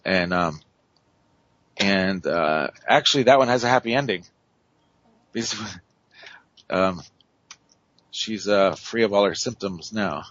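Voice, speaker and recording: A man's voice: deep voice, takes it slowly, pauses often, fairly bright tone, no echo, highs cut off. A man telling a story on a radio show, rambling with many fillers and restarts. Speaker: paranormal investigator guest.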